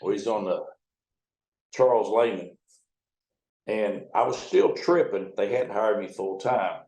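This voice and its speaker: An older man, a retired towboat captain from the United States, speaks in a lowish, darkish voice that's unhurried yet lively in intonation. He tells folksy, salty stories conversationally, with profanity and acted-out quotes from others, in a room with noticeable echo.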